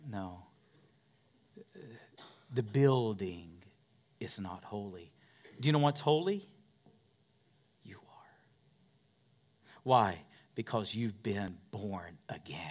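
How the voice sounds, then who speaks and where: A man preaching a sermon as pastor of a church, dropping to whispers and rising to loud peaks. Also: mid-range voice. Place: church in a converted warehouse.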